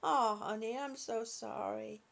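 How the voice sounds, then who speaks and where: Slow, gravelly-voiced woman. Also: fairly high pitch, fairly even intonation. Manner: soft, affectionate, calls viewers honey and sweetie; halting, with frequent repeated words. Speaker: livestream host reading viewer comments. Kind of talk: slow casual live chat.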